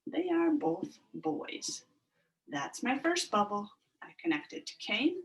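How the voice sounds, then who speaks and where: A woman's voice: high-pitched, big pitch swings, slow, vocal fry. A woman teaching a recorded phonics lesson to first graders, encouraging and sounding out each syllable.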